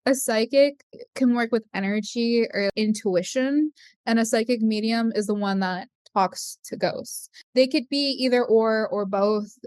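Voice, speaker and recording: A young adult woman hosting a podcast, telling a story in casual chat and acting out the quoted voices with big leaps in pitch. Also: unhurried, a little mellow, clear, resonant tone, dry recording, clean studio sound. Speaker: podcast host.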